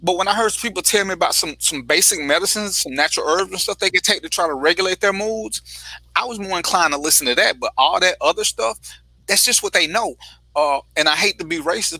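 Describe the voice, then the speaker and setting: A man with a very bright, forceful voice talks bluntly and emphatically, swearing freely in casual panel talk. The sound is dry and close. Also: high-pitched, husky, no room sound, poor audio. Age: adult father. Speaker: panel guest.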